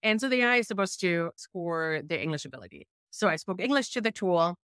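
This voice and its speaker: Brief: middle-aged German-accented woman, journalist guest on a podcast, fairly low voice, animated storytelling, dry close recording. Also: fairly quick, no room sound. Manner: animated storyteller, acts out her own quotes. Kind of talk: conversational interview answers.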